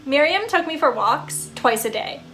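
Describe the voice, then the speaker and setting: A woman voicing an eager, friendly male ghost dog who talks in a loud, bouncy, jokey way. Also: high voice, lively intonation, moderate pace, background noise. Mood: wistful.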